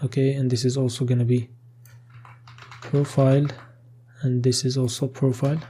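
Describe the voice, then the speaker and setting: A man's voice: medium pitch, flat delivery, normal speed, warm tone, a little hiss or hum. A man talking through a coding tutorial as he types, thinking aloud with frequent "okay" and casual restarts, with keyboard typing behind him. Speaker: programming tutor. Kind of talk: screen-recorded coding tutorial.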